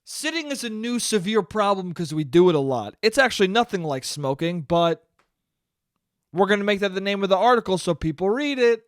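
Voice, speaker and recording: A young man rants alone into a close, dry mic for his comedy podcast. His voice sits a touch high. He is sarcastic and swears freely, jumping from loud bursts to low, muttered asides. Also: very animated, brisk, no room sound. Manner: sarcastic, swears a lot, swings from yelling to mumbling. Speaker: podcast host. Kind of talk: solo comedic rant.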